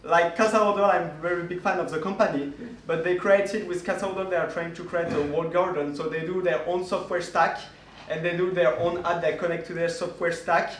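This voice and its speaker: A man giving a conference talk, halting with many restarts and fillers as he explains his project. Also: high voice, fairly even intonation, a bit bright. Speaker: conference speaker. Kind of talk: conference presentation. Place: conference room. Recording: echoey room, voice from far off.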